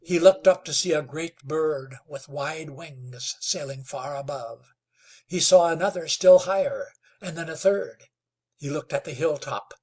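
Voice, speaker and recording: A man narrating a western novel in a slow, dramatic storytelling manner. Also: fairly high pitch, slightly rough. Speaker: audiobook narrator. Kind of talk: scripted narration.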